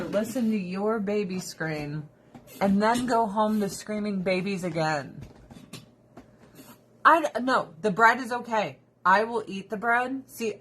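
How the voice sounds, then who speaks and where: Husky woman in her thirties, blunt sweary rant, casual coffee-talk vibe. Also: mid-range voice, sharp tone. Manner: blunt, profane ranting with mocking impressions. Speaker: vlogger. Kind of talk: casual chat.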